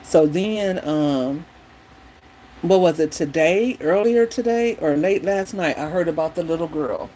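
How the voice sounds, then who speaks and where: A woman vlogger in a casual chat while doing her hair, retelling things in a rambling, opinionated, animated way. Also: low voice, unhurried, slight background noise, rough recording.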